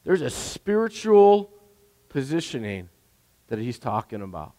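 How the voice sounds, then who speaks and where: Preaching man in a reverberant hall. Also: fairly high pitch. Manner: animated, conversational, asks the hearers "right?". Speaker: pastor. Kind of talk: sermon.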